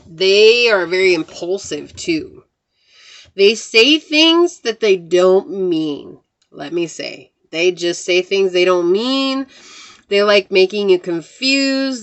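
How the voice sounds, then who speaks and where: A woman giving a casual tarot reading to her viewers, chatty and talking straight to them as guys and y'all. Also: mid-range voice. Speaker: tarot reader.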